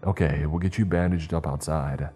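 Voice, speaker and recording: A man voicing an earnest, slightly dim scout leader who shouts orders and pleads. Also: a bass voice, steady tone, moderate pace, faint music behind. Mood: urgent. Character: earnest, slow-witted adult scout leader.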